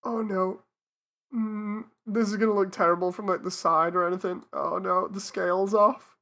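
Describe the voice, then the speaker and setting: A woman's voice: mid-range voice, steady tone, moderate pace, fairly bright tone. A woman streamer in casual live-stream commentary, talking herself through a task and laughing at her own mistakes.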